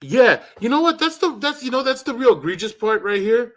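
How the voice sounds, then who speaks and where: A man's voice: very high voice, big pitch swings, a little fast. Brash, profane livestream host man. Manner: profane, rambling, rants loudly. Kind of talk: casual voice chat.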